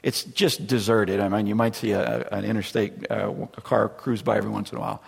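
A man's voice: on the low side, steady tone, a little fast, vocal fry, slightly rough. A middle-aged man preaching a sermon, telling a personal story in a conversational way and acting out the voices he quotes. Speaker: pastor. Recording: long reverb from a large room.

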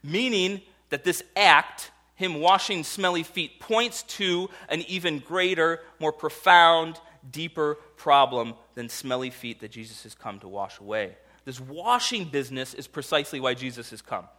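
A man delivers a sermon with a bright, forceful voice set a little high for a man. He tells stories with animation and slips into the voices of the people in them. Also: moderate pace, few pauses. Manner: animated storytelling, acts out voices in quoted dialogue. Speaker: pastor.

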